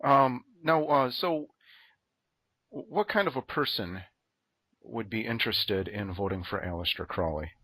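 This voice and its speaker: Casting: male podcast host, husky and dry, stumbling a bit over questions. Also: medium pitch, unhurried, sharp tone, no echo. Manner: hesitant questions with restarts. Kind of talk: conversational podcast interview.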